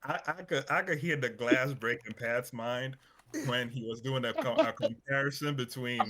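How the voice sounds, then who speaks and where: A man's voice: medium pitch, moderate pace, bright, forceful tone. Laid-back amused man, mid voice. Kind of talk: casual chat among friends.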